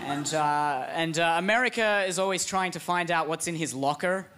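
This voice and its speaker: A man riffs through a comedic monologue, animated and quick to laugh. His voice sits high and bright. A faint hiss lies under the recording. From Australia.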